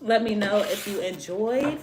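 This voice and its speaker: A woman's voice: mid-range voice, expressive, measured pace, noisy background. A young woman from Virginia hosting a tarot live stream, chatting in a loose, slangy, profane way. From Virginia, USA. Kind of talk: casual live-stream chat.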